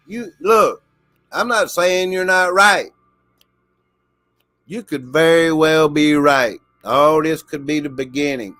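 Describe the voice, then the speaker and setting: A man talks to his livestream viewers in a casual drawl, laughing frequently and using "y'all" constantly. His voice is a little high and fairly bright, with no echo.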